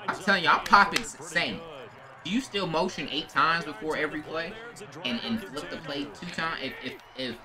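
A man's voice: on the high side, moderate pace, a crowd in the background. A man commentating and playing in a video game tournament stream, teasing the others and laughing often. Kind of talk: casual gaming stream banter. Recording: music playing behind.

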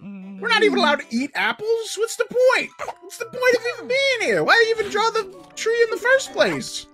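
A woman voicing an excitable, dramatic male cartoon pencil character, rambling and bursting into shouts over background music. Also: very high-pitched, moderate pace, heavily acted. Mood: frantic. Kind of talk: animated cartoon reaction commentary.

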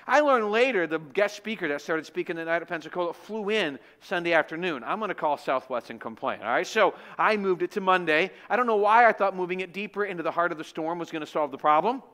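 A man preaching a sermon in church, telling a personal story in an animated, joking, conversational way. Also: sits high, a little fast.

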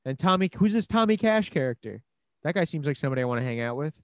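A man from Queens trades teasing jabs with his co-host in relaxed podcast banter. His voice sits slightly high. The sound is dry and close, with no room around it. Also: fast talker, no room sound. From Queens, New York. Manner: teasing, bantering, heated when defending his team. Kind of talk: casual chat.

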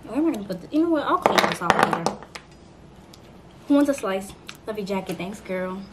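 Young woman, 18, casual vlogger voice, playful and chatty, mid pitch, noisy home recording. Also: lively intonation, fairly quick. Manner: chatty, playful, talks straight to viewers. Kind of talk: casual chat to camera.

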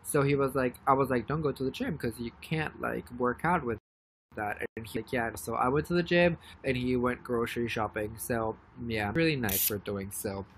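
A young woman chatting casually on a live stream, rambling and excitedly thanking viewers by name. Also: a bass voice, moderate pace, slight background noise. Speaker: livestreamer.

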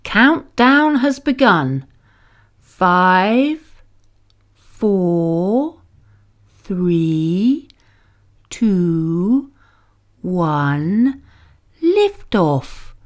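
A woman voicing a gentle father coaxing his little boy to sleep. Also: on the low side, big pitch swings, very slow, long pauses, full character voice. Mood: encouraging. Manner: coaxing, soothing.

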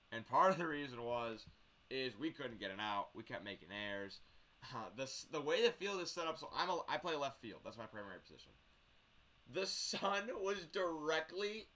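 A young man, a baseball player and umpire, casually retelling his season to the camera in an animated, exasperated, wry way, often breaking off mid-sentence. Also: mid-range voice.

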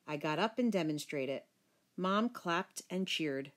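Expressive woman reading a children's book. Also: lowish voice, a little slow. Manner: expressive first-person narration. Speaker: storyteller. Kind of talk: children's book read-aloud.

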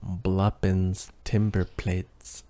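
A man's voice: sits low, flat delivery, very slow, dark tone, no room sound. A man co-hosting a podcast in casual chat, teasing and cutting in with playful remarks. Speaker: podcast co-host.

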